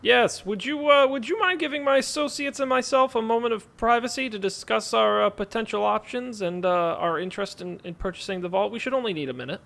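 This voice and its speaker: A man puts on a pompous, wealthy nobleman for a tabletop game. The voice sits high with a gravelly crackle. He rambles and fills every pause with grand talk. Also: a bit bright, exaggerated voice. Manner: pompous, rambling, full of filler. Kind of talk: in-character tabletop role-play.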